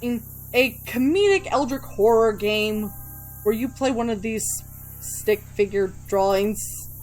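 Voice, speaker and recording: A woman's voice: on the high side, a little slow, darkish tone, soft background music. A woman hosting a let's play, chatting casually and swearing freely while she reads the game's dialogue aloud. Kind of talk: gameplay commentary.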